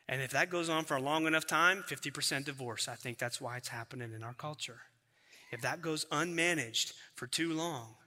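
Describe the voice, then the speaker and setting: A man preaching a sermon as pastor, emphatic and building to loud repeated phrases. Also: high voice, big-room sound.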